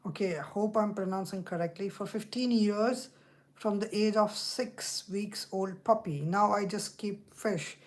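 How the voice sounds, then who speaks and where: Woman just chatting, slow and drawn out, keeps saying stuff over. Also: mid-range voice. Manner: slow, drawn-out speech with repeated words. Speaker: video host. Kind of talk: casual chat.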